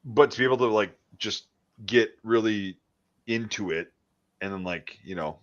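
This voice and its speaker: A man casually chatting as a podcast host, swearing often and trailing off into quiet mumbles. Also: lowish voice, moderate pace, dull audio. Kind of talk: casual chat.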